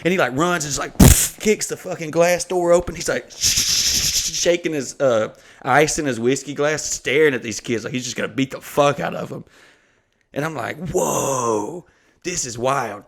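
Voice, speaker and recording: Profane, rambling comedian telling a story. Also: male voice, a little high, normal speed. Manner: rambling, profane, animated retelling. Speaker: comedian and podcast host. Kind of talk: casual storytelling.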